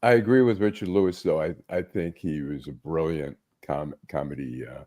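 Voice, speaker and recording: A man on a panel show, chatting casually and acting out comedy scenes with lively retelling. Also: extremely low pitch, normal speed, no echo, clean studio sound. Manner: animated storyteller, acts out scenes.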